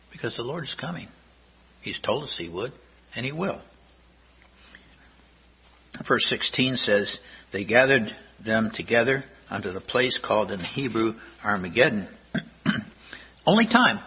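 A man with a husky, rather low voice preaches verse by verse, pausing to read each passage slowly and explain it. The recording is dull and lo-fi. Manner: measured Bible exposition, reads verses slowly. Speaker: pastor. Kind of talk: sermon.

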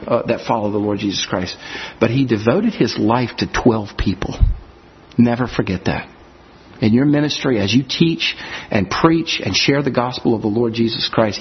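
A man preaching a sermon in an animated way, acting out scenes from scripture and everyday life. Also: mid-range voice, slight background noise. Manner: animated, acts out scenes in character voices. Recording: dull lo-fi audio.

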